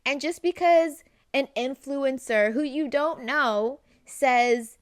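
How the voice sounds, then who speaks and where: Chatty lady vlogger giving advice, voice a bit high, keeps asking "right?", dry close sound. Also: no echo. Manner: chatty, acts out quick dialogue snippets, frequent "right?". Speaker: self-help vlogger. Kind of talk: casual direct-to-camera advice.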